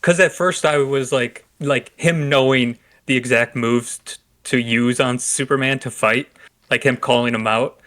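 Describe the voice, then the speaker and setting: A man's voice: medium pitch, steady tone, measured pace, fairly bright tone. A young man co-hosting a casual movie podcast, easygoing and agreeable, with plenty of fillers. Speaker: podcast co-host.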